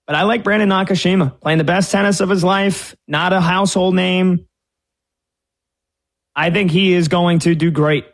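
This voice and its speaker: A man giving opinionated, rambling sports betting commentary on a tennis tournament as a show regular. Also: on the high side. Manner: opinionated, rambling, many restarts.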